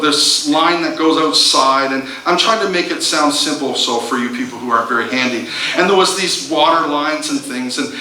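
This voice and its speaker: A pastor tells a self-mocking story from the pulpit in a bright, lively voice that swings high and low. He stumbles and restarts often as he jokes. His voice carries through an echoey church from a little way off the mic. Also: slight background noise. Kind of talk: sermon with a personal story. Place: church sanctuary. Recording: roomy church sound from a distance.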